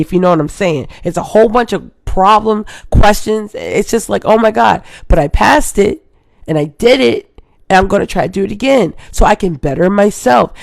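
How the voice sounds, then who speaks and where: A woman's voice: medium pitch, vocal fry, no echo, studio quality. A woman in her thirties from Hawaii, hosting a casual live stream and rambling to her viewers. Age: 30s. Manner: rambling, chatty, keeps addressing viewers.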